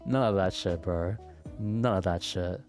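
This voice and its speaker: A man's voice: deep voice, measured pace, a little mellow, soft background music. A man streaming and chatting casually with his viewers, stuttering and repeating words as he talks.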